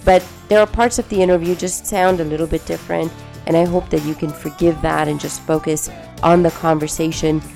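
Chatty, gravelly woman podcast host. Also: low-pitched, steady tone, fairly quick, a little mellow, soft background music. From Afghanistan. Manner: chatty, enthusiastic, folksy. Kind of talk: podcast introduction monologue.

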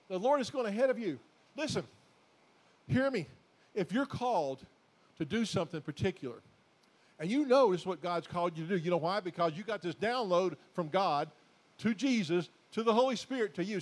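A pastor preaches to his congregation in a fairly high voice. He speaks folksily, calling them folks, and he repeats his points until they swell into loud, emphatic declarations. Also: animated, normal speed. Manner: exhorting, repetitive, builds to loud emphatic declarations. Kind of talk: sermon.

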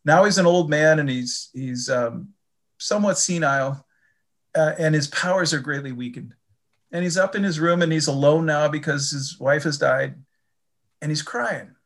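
An older man from the Chicago area, talking about faith in a reflective, halting way and often repeating his words. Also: a little high, a bit bright. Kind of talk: casual faith conversation.

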